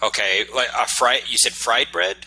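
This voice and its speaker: A man's voice: medium pitch, steady tone, moderate pace, pushed and bright, husky. A man from the United States tutoring English in an online lesson, patient and encouraging, often checking that he understood. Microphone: video call.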